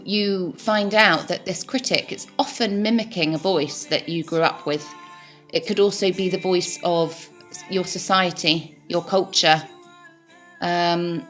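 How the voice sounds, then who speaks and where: A woman's voice: on the low side, fairly bright tone. A woman in her forties, a life coach, talking candidly and reflectively about her own experience, with plenty of fillers and restarts. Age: 40s. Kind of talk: reflective personal talk.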